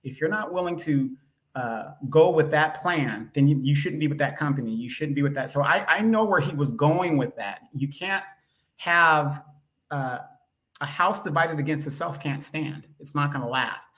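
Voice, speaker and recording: A man co-hosting a talk show, speaking in a relaxed, rambling way and often restarting his sentences. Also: on the high side, moderate pace. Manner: relaxed, rambling, self-correcting. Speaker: co-host. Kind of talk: casual talk show chat. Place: vacation spot with motorcycles outside.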